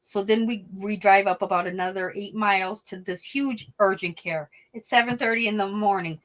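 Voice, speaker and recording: Middle-aged woman, livestream host, chatty and animated, answers comments, swears bluntly. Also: mid-range voice, moderate pace, poor audio. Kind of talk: casual livestream chat.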